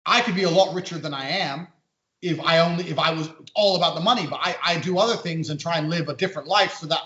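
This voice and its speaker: A man speaking as a podcast guest in casual conversation, a rapid storyteller who acts out the voices in his anecdotes. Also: on the high side, bright, forceful tone. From American-British. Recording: echoey, slightly muffled audio.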